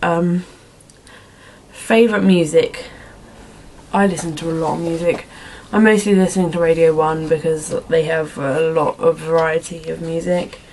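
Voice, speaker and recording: Speaking low and steady at a moderate pace, a young vlogger with a slightly mellow voice fields viewer questions in a casual chat. She rambles, giggles, pokes fun at herself, and leans on fillers, with slight background noise behind her.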